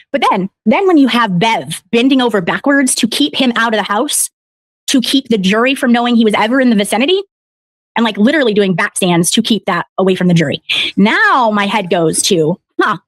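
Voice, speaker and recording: A woman's voice: on the high side, no echo. A woman commentator on a live stream, rambling and exasperated as she recounts events. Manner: exasperated, rambling, quotes others in mock voices. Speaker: online commentator.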